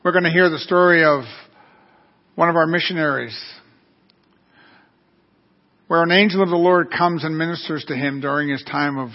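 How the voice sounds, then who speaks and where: A man's voice: on the high side, fairly quick. Earnest male preacher, lo-fi sermon audio. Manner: storytelling, earnest. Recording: dull lo-fi recording.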